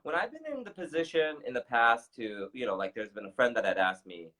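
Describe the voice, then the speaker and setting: A man co-hosting a casual talk show, chatty and agreeable, quick to laugh along. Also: medium pitch, expressive, a bit bright. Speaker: podcast co-host.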